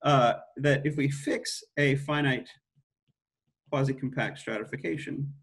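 A man's voice: mid-range voice, steady tone, measured pace. A middle-aged man giving an academic mathematics lecture, thinking aloud with frequent restarts and self-corrections.

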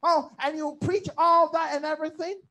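A man's voice: very high-pitched, fairly even intonation, normal speed, pushed and bright, rough recording. A man from Africa, a pastor leading a bible study, preaching emphatically with repeated phrases and questions to his listeners.

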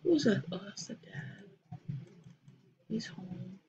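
Young woman rambling through a sims game, slow easy pace, lots of ums, faint hum of a tv somewhere in the house. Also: mid-range voice, vocal fry, lo-fi sound. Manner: chatty and excitable, lots of um and gasps. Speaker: gaming channel host. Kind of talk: casual gameplay commentary. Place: bedroom at home, TV in another room.

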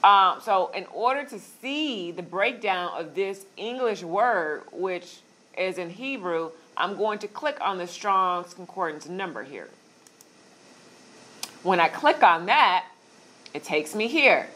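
A woman teaching a Bible study class, walking listeners through on-screen steps in a relaxed, conversational way with filler words. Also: medium pitch, slow pace.

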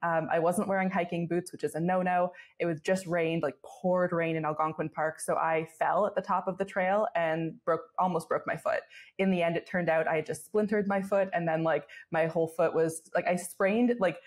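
A woman's voice: on the low side, fairly even intonation. A young woman in her twenties, a podcast guest telling stories in casual chat, filler-heavy and laughing often. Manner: fast storytelling with many fillers and laughs. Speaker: guest, travel blogger.

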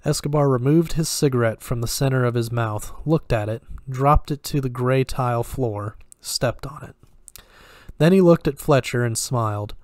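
A man narrating a thriller story aloud in a steady reading voice with small restarts. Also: medium pitch, moderate pace, no room sound, studio quality. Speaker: story reader. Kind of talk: audiobook narration.

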